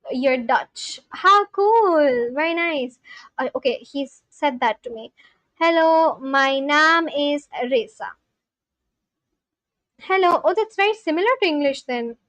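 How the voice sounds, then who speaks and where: A woman's voice: high voice, expressive, moderate pace, fairly bright tone, no echo, rough recording. A woman live-streaming in casual chat, reading viewer comments aloud and asking them questions. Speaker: live-streamer learning a language.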